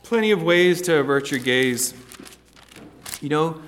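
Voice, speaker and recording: A man preaching a sermon, earnest, with stammering restarts and swings between loud and hushed passages. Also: fairly high pitch, lively intonation, unhurried, long reverb tail, a little hiss or hum.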